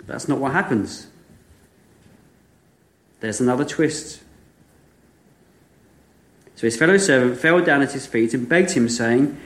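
A man preaching a sermon, retelling a parable with vivid, animated storytelling and frequent rhetorical questions. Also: medium pitch, a little slow, pauses often. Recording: echoey room.

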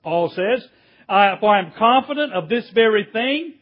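A man preaching a sermon, emphatic, stretching key words and rising to near shouts at points of stress. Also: sits high, lively intonation, normal speed. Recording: dull lo-fi sound.

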